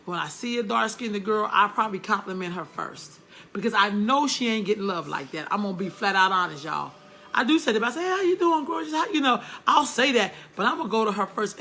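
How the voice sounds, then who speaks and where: A middle-aged woman hosting a candid monologue, blunt and animated, often laughing as she talks straight to her viewers. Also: mid-range voice. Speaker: host.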